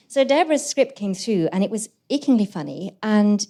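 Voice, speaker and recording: A woman, guest co-host and actress, telling a comic story live on stage in an animated, sweary way. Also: mid-range voice, moderate pace, few pauses, a little hiss or hum. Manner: animated, sweary, breathless with laughter. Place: live stage show in a London venue.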